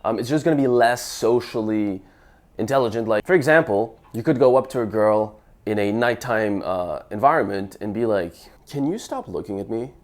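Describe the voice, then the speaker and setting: A young man, a dating coach, talking casually to camera and acting out sample lines, with frequent stammers and restarts. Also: mid-range voice. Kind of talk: casual advice talk to camera.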